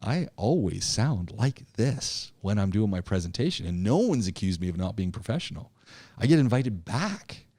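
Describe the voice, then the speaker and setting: A man teaching an online public speaking class, talking in an animated, emphatic way, often repeating himself and restarting his sentences. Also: fairly low pitch, normal speed, no echo, clean studio sound. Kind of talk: live online class lecture.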